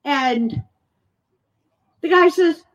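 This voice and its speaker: A woman giving public testimony, emotional and halting, with frequent pauses. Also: sits high, far from the mic, lo-fi sound. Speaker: resident speaking at a public meeting.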